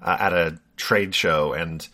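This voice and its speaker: A man's voice: low voice, steady tone, slow pace, sharp tone. A man co-hosting a podcast, introducing the episode in a casual, jokey and rambling way. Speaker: podcast co-host. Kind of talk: casual chat.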